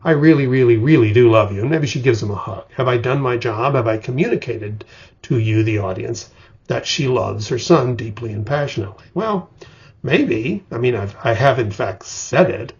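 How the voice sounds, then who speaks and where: Older male writing instructor, raspy and gravelly, vivid storyteller, lo-fi recording. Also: medium pitch, expressive, moderate pace. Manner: vivid storyteller, acts out examples. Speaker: screenwriting teacher. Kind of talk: explanatory lecture. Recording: dull lo-fi recording.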